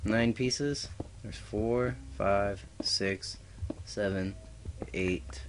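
A man's voice: lowish voice, steady tone, very slow, background noise. A man giving casual gameplay commentary as a let's player, goofy and talking to himself with little sound effects. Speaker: let's play gamer.

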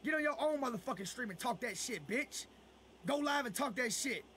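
A man's voice: extremely high pitch, animated, a little fast, bright, forceful tone, a little hiss or hum. A man live-streaming a football video game, ranting at viewers in casual, profane chat and repeating himself as he goes.

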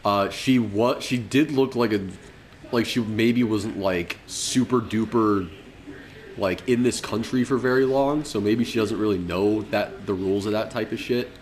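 A man's voice: lowish voice, a little slow. A young man, a podcast co-host, telling a story in loose, profane casual chat and laughing often. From Colorado.

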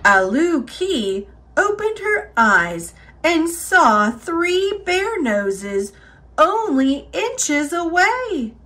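A woman reading a children's picture book aloud, expressive and unhurried. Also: very high voice. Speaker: storyteller.

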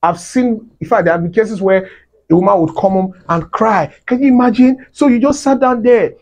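A man's voice: high voice, normal speed, a little mellow. A man giving an emphatic, preachy advice monologue as host, repeating phrases for stress.

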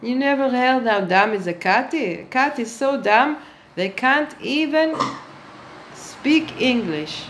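A woman's voice: high voice, expressive, takes it slowly, fairly bright tone, a little hiss or hum, low-quality recording. A woman giving a sarcastic monologue to camera, speaking with mock-earnest irony and addressing her viewers as children. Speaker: satirical vlogger.

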